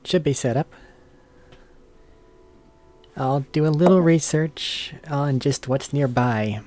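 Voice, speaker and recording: A man's voice: fairly high pitch, slow pace, a little mellow. A man playing a tabletop role-playing game, thinking aloud and chuckling as he plans. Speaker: player. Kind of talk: casual tabletop role-play chat.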